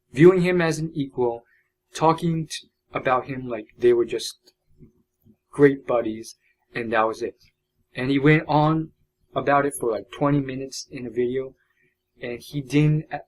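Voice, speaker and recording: A man's voice: mid-range voice, a little mellow, low-quality recording. A young man talking in a loose, unscripted vlog monologue, rambling with many fillers and restarts. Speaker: vlogger. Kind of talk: unedited casual vlog monologue.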